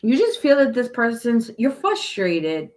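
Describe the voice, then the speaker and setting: A woman's voice: on the high side, sing-song, measured pace, darkish tone. A woman giving a casual tarot reading, talking in a chatty, emphatic way, restarting and repeating phrases and turning blunt and exasperated. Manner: blunt and exasperated, swears in quoted asides. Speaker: tarot reader.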